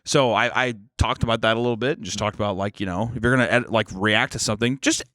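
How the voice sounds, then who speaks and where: Dude co-hosting a podcast, swears a lot, rambles, talks quick, dry close mic sound. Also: male voice, lowish voice, dry recording. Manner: profane, rambling, animated. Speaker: podcast co-host. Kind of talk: casual banter.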